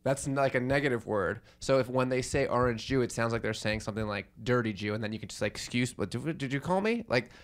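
A man hosting a casual chat, halting and restarting as he works out a joke. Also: mid-range voice. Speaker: host.

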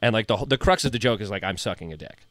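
A man's voice: lowish voice, rapid-fire, dry recording. Blunt, profane comedian man, dry mic. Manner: blunt, profane, animated storytelling. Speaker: stand-up comedian. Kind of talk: casual podcast chat. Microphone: close desk mic.

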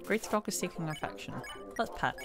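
Gushing woman gamer with lively pitch. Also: fast, over music. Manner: gushing and playful, squeals over dogs. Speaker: let's play gamer. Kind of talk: casual gameplay commentary, reading game text aloud.

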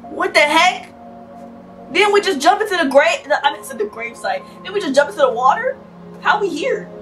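Young woman, let's-play host, excitable, slangy, lively swooping voice, game music underneath. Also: very high-pitched, moderate pace, far from the mic. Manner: excitable, shouts and laughs often, slangy. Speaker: gaming channel host. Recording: voice a bit off-mic over game music.

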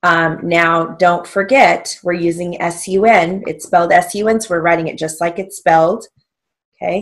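A woman teaching a stenography lesson, dictating short phrases slowly and spelling out letters, checking in with an occasional "okay?". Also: lowish voice, fairly even intonation. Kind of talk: slow, deliberate dictation lesson.

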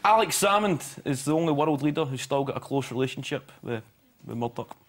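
A man's voice: mid-range voice, expressive, a little fast. A man with a Glaswegian accent, a panelist throwing offhand, wry quips in comic banter. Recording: TV studio with loud audience.

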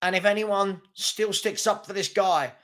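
A man's voice: high voice, a little slow, pushed and bright. A man, hosting a football fan channel and ranting in anger, with repeated rhetorical questions. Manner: exasperated, repetitive rhetorical questions. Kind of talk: angry fan rant to camera.

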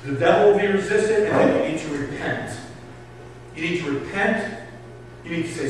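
High-voiced preacher in an echoey hall. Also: male voice, normal speed, recorded from a distance, slight background noise. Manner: impassioned preaching with swings between loud urging and hushed pleading. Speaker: pastor. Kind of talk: sermon. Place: church hall. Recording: echoey hall recorded from afar.

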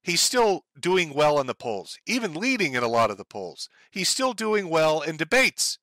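A man's voice: a little high, bright, forceful tone, no room sound, clean studio sound. Heated, profane man ranting. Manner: heated, profane, sarcastic mocking impressions. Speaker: commentary streamer. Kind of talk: ranting political commentary.

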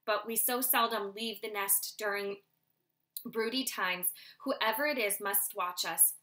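A woman's voice: mid-range voice, measured pace, bright, forceful tone. A woman voicing a shocked, protective mother owl. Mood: alarmed. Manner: alarmed, earnest.

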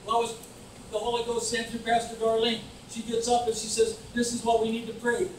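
High voiced preacher guy, fired up sermon, far off in a echoey church. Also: monotone, a little fast, slight background noise. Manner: fervent preaching, rising to shouts, mock voices. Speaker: pastor. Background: congregation calling back.

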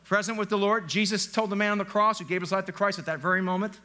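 A man's voice: high voice, steady tone, quick pace, sharp tone. A male pastor preaching a live church sermon in a conversational, joking way, often quizzing the congregation. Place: church sanctuary, live service.

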